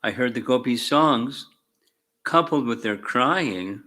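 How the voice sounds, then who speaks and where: A man reading scripture verses aloud and adding commentary as a spiritual teacher, slow and measured with fervent emphasis on key words. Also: mid-range voice, animated, sharp tone. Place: temple class room.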